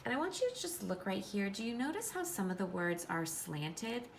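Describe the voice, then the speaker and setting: A woman teacher giving a classroom read-aloud of a storybook, reading in a clear, instructive way and pausing to explain. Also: medium pitch, sing-song, slight background noise.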